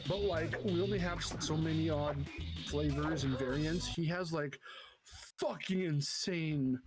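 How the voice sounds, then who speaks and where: Chatty American streamer, cursing freely. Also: female voice, deep voice, measured pace, over music. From United States. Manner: chatty, swearing, laughs a lot. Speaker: streamer host. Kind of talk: casual chat on a game stream.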